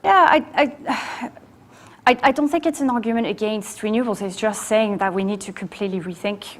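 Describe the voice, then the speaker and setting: A woman's voice: medium pitch, normal speed. A woman speaking as a panelist, earnest, often repeating words as she starts. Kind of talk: panel discussion.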